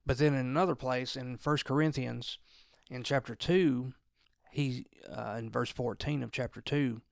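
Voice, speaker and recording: A man's voice: mid-range voice, steady tone, unhurried, creaky, no room sound, studio quality. A man giving an informal Bible teaching in a conversational way, often restarting and repeating words as he explains.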